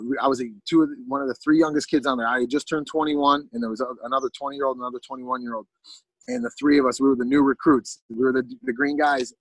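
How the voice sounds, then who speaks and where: A man's voice: mid-range voice, creaky, husky, no room sound, poor audio. A man casually telling a long story as a podcast guest, rambling with lots of fillers and restarts.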